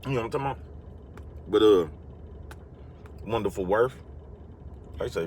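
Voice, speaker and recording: A man's voice: lowish voice, normal speed, a little mellow, slight background noise. A man vlogging a casual motivational monologue, rambling and slangy, and he keeps repeating his catchphrases.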